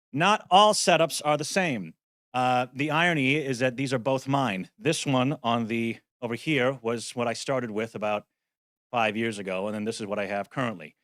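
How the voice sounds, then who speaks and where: A man's voice: mid-range voice, dry recording. Dry, wry male conference speaker. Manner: practical, wry, self-deprecating asides. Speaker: voice actor giving a conference talk. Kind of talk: conference presentation. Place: conference venue.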